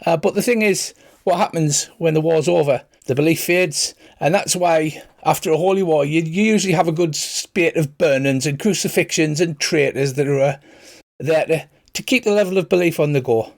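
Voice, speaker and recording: A man's voice: on the high side, moderate pace, vocal fry, pitched above the performer's own voice. A man voicing a large, sly male priest with a put-on Irish accent, chatty and folksy. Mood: persuasive. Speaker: cleric character.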